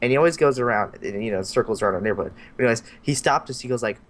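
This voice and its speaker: A man's voice: medium pitch, racing. A teenage man on a podcast rambling through a story, swearing and laughing as he tells it. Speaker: podcast member. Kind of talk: casual storytelling.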